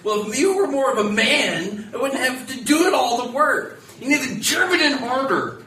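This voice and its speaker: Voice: medium pitch, very animated, moderate pace, a bit bright. A short, bulky male rail worker, as a cast member voices him in a home-made radio play, forever grumbling about his chores. His voice swoops widely. It is heard from a distance in an echoey room with a faint hiss. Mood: teasing. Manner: whiny, complaining.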